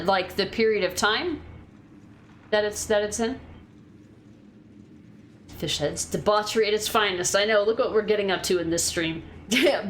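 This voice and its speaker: A woman's voice: medium pitch, a little hiss or hum. A woman streaming a game, chatting casually, swearing freely and answering her chat. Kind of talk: casual gameplay commentary.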